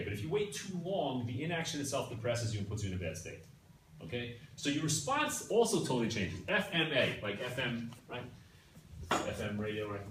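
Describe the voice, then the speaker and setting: A man teaching a class in a conversational, animated way, often checking in with his listeners. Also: mid-range voice, slight background noise. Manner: animated, keeps checking in with "right?" and "yeah?". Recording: echoey room from a distance, faint ambience.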